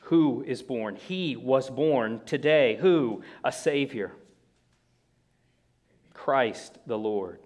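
A male pastor preaching a sermon, slowing down and stressing key words, with small restarts. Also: mid-range voice, a little mellow. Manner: slow emphatic phrasing with pauses, small restarts.

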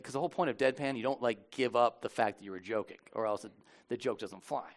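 A man's voice: brisk, vocal fry. Chatty, self-mocking male pastor. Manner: conversational, self-deprecating, with frequent restarts and fillers; drops to a low, quiet, solemn tone for communion. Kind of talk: sermon.

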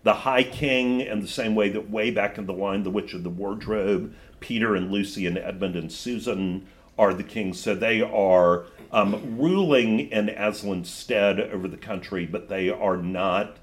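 A man's voice: fairly low pitch, a little slow. A man reading a story aloud to a class and then explaining it with thoughtful asides. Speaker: teacher.

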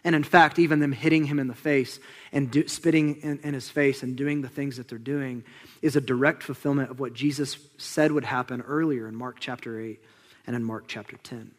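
A young pastor preaches at medium pitch and a brisk pace, keeping things conversational and lively. He acts out the characters in his story and drops to a hush for the solemn parts.

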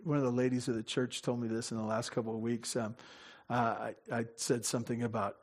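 A brisk man with a mid-range voice and little pitch movement delivers a chatty pastoral sermon. He cuts himself off, laughs often, performs brief dialogues and addresses direct questions to the audience.

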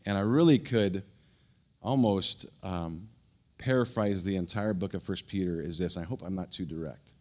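A middle-aged man pastor giving a sermon, telling a personal story in an animated way with many restarts and fillers. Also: low voice, normal speed.

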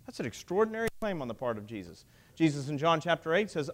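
A man delivers a sermon in a voice pitched higher than most men's. He builds to emphatic points and keeps putting rhetorical questions to his listeners. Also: big pitch swings, quick pace. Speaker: preacher.

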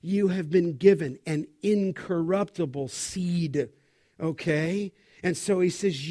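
A man's voice: high-pitched, takes it slowly, warm tone. A middle-aged male pastor preaching an expository sermon, stressing key words and asking the congregation questions.

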